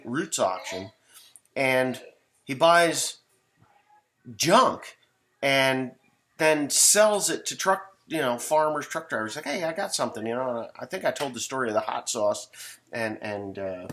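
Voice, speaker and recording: A man's voice: lowish voice, creaky, a bit bright, a little hiss or hum. A middle-aged man, a farmer, telling a rambling, folksy story in casual talk, swearing now and then.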